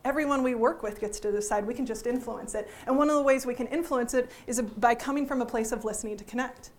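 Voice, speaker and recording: High-voiced, lively woman teaching a workshop. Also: quick pace. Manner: lively, joking, asks the audience questions. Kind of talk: interactive workshop talk. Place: conference room before a live audience.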